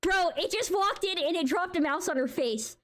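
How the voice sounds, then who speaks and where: A woman streamer giving casual live reaction commentary, excitable and slangy, laughing and exclaiming often. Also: very high-pitched, normal speed. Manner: slangy, says bro.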